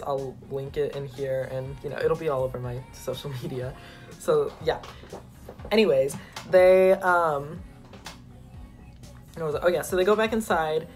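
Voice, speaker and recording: A young adult man vlogging, telling an excited, rambling story with lots of filler words. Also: on the high side. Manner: excitable, rambling, heavy use of "like". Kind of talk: casual storytelling to camera.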